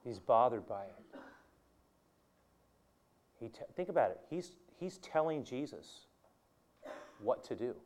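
A man's voice: mid-range voice, big pitch swings, slow pace, long pauses, a little mellow. A male preacher giving a conversational sermon, telling the story with animation, chuckling and speaking straight to his listeners.

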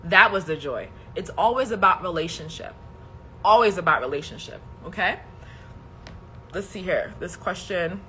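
A woman's voice: fairly low pitch, expressive, normal speed, bright, forceful tone, slight background noise. A woman hosting a casual faith livestream, speaking in an emphatic, preachy way and often checking in with "okay?". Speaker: host.

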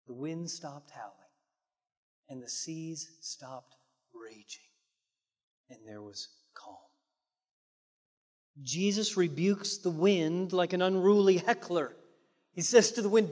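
A male pastor delivers a sermon in a fairly high voice. He talks dramatically, pushing some phrases loud and dropping others almost to a hush. His voice rings out with a long reverb tail from a large hall. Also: animated, slow pace, long pauses. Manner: dramatic, swinging from loud emphasis to hushed near-whispers.

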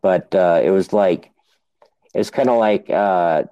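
Slow, low-voiced man. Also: warm tone, no echo, muffled recording. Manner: unhurried, jokey, swears freely. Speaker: podcast host. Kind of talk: casual chat.

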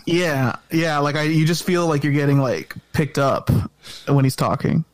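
A man's voice: on the high side, normal speed, no room sound. Easygoing, laughing male podcast co-host. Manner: easygoing, agreeable, laughs often. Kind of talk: casual podcast chat.

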